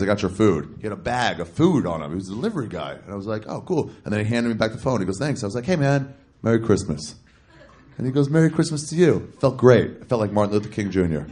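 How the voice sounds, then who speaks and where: A man in his thirties telling a stand-up story on a club stage into a handheld mic, acting out both sides of phone calls in raised voices. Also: lowish voice. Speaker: stand-up comedian.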